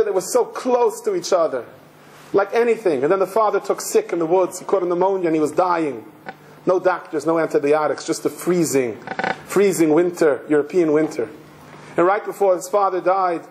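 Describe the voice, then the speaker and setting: A man's voice: sits high, a little mellow, poor audio. A man, a rabbi, giving a sermon with emotional storytelling and repeated phrases.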